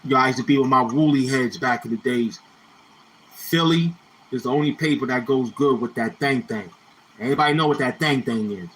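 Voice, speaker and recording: A man's voice: medium pitch, normal speed, a bit bright, slight background noise, rough recording. A man telling rambling, slang-heavy stories from his youth in a casual monologue, repeating phrases as he reminisces. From Brownsville, Brooklyn, New York. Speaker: YouTuber.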